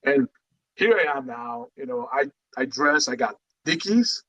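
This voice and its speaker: Casual, animated storytelling man. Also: on the high side, a little slow, vocal fry, rough recording. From Guatemala. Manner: animated, street-casual storyteller, acts out quotes, many "you know"s. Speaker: guest, retired Marine sergeant major. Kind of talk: casual storytelling in a podcast interview.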